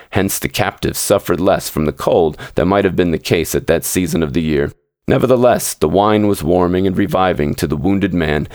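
A man hosting a story podcast, reading a classic short story aloud in measured, steady narration. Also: low-pitched, dry recording, studio quality. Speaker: podcast host and story reader.

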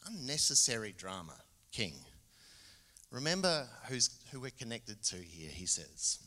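A middle-aged man with an Australian accent preaching a sermon, telling a Bible story with lively acted-out quotes. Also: mid-range voice, measured pace. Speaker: guest preacher. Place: church. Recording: church hall reverb.

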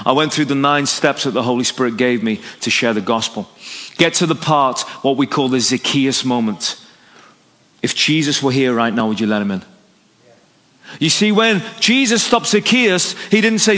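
Brief: male preacher, lively storyteller, slightly higher voice, long hall reverb. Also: normal speed. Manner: animated, story-driven, acts out dialogue. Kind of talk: evangelistic sermon with storytelling.

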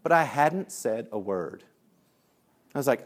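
A male discipline trainer giving a lively workshop talk, telling stories, acting out voices and laughing at his own jokes. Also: medium pitch, a little slow. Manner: lively storyteller who acts out voices.

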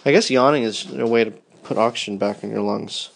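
A man's voice: fairly low pitch, brisk, vocal fry, a little hiss or hum. A tired man in his thirties, rambling tenderly and yawning as he records a personal podcast for his wife. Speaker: podcast host.

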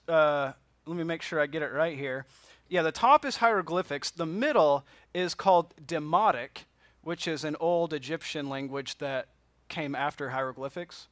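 A man's voice: on the high side, a bit bright, dry recording. A man teaching a Bible class from slides, talking casually and asking the class questions. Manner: conversational, asks the class questions.

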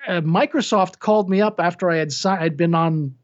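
Middle-aged male narrator, animated and self-deprecating, slightly high voice, muffled lo-fi audio. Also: a little fast. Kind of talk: casual interview chat. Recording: dull lo-fi sound.

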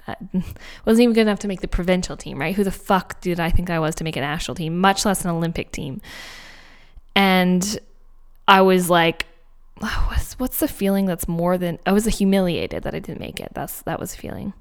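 A woman hosting a podcast, telling a personal story in an animated, emphatic way with fillers and laughs, recorded at a home office mic. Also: on the low side, fairly quick. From Canada. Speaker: podcast host. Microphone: home office microphone.

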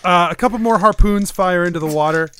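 A man narrating as game master of a tabletop role-playing game, describing scenes in a relaxed way with many fillers. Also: high voice, fast talker, slight background noise.

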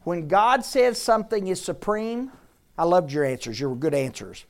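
A woman teaching a Bible class to a room of listeners, lively and joking as she quizzes them. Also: on the low side, moderate pace. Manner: lively, jokey, quizzes the audience.

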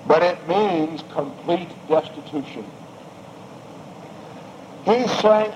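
A man's voice: a little high, expressive, unhurried, darkish tone. A man preaching a sermon with emphatic, rising and falling delivery and repeated phrases. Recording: dull lo-fi recording with faint noise.

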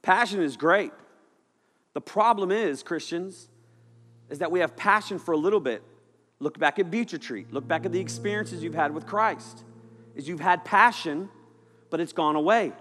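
A man preaching a lively, jokey youth sermon to a room of students. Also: on the high side, moderate pace. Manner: animated, jokey, shouting at times. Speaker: youth pastor. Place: church hall with audience. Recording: echoey hall.

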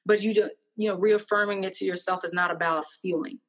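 A woman's voice: medium pitch, steady tone, fast talker, hardly any pauses. A woman in casual chat, speaking earnestly and reflectively about faith, joy and hope.

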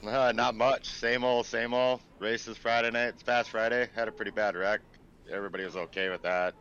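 A man's voice: mid-range voice, flat delivery, fairly quick, fairly bright tone, a little hiss or hum. A man from Minnesota co-hosting a podcast, chatting in an easygoing, folksy way. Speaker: podcast co-host. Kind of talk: casual chat. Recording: dull lo-fi sound.

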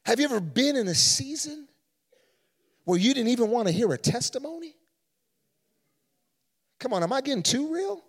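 A male pastor preaching a fervent sermon that rises to shouts, with drawn-out stresses, recorded in a church with long reverb. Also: extremely high pitch, very animated, slightly rough.

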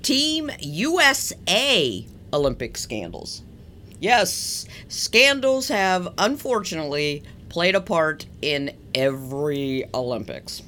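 A young woman talks in a low voice that swoops up and down a great deal, chatty and quick to laugh. She co-hosts a casual podcast and often trails off mid-thought, with a faint hum of room ambience behind her. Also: very animated, a bit bright. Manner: chatty, laughs easily, trails off and repeats herself. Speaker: podcast co-host. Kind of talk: casual chat.

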